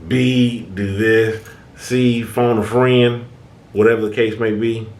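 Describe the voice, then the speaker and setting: A man's voice: fairly low pitch, flat delivery, slow pace, darkish tone. A man hosting a casual motivational talk, speaking to his viewers and acting out their inner thoughts, with frequent repeated words. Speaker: self-help video host. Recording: echoey room.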